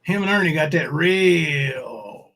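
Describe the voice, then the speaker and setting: Man, high voice, sarcastic, rambling, crude livestream host. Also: animated, slow pace, a bit bright. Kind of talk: casual livestream commentary.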